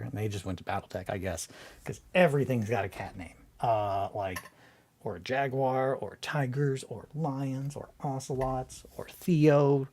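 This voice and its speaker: Rambling, excitable man chatting casually. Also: mid-range voice, normal speed. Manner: excitable, rambling, swears freely, restarts often. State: winding down from a bad mood. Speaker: hobby video host.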